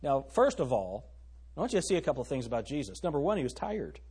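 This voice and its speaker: Pastor, middle-aged man, husky and lively, emphatic sermon with questions to the congregation. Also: mid-range voice, fast.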